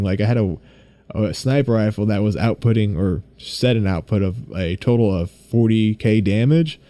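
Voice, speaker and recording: Low, mellow-voiced young man ranting casually. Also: no echo, clean studio sound. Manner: rambling, excitable, swears freely. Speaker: podcast host. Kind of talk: casual solo podcast chat.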